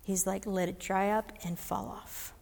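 A woman's voice: mid-range voice, fairly even intonation, measured pace, vocal fry, a little mellow. Earnest woman chaplain in a reverberant hall. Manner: earnest, acts out dialogue in her story. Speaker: police chaplain. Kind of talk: inspirational storytelling speech. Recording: long reverb of a large hall.

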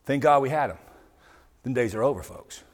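A man's voice: lively intonation, moderate pace. Fired-up man speaking in a reverberant hall. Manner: emphatic, swings from loud outbursts to low asides. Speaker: public speaker addressing a live audience. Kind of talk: impassioned speech to a crowd.

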